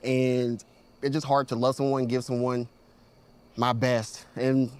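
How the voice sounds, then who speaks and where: A man on a reality show reunion talks in a hesitant, defensive way, stammering and restarting his sentences. His voice sits at an ordinary middle pitch. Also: little pitch movement, unhurried, darkish tone, clean tone. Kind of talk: reunion conversation.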